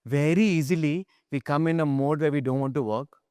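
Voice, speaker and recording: Animated man teaching. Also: on the high side, a little fast, clear, resonant tone, no echo, studio quality. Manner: animated storyteller, acts out quotes, swings between hushed and excited. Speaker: spiritual teacher. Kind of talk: informal spiritual class talk.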